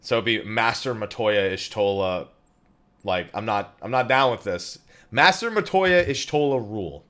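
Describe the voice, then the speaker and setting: A man's voice: on the low side, lively intonation, normal speed, fairly bright tone. A man hosting a casual podcast, laid-back and joking with his guests. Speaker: podcast host.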